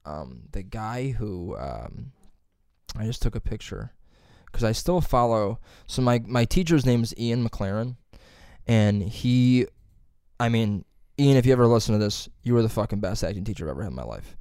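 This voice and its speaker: A young man chatting as a podcast co-host, telling rambling, profane stories and acting out quotes loudly. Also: on the low side, normal speed, smooth, dry recording, studio quality. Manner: animated, acts out quotes loudly. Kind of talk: casual chat.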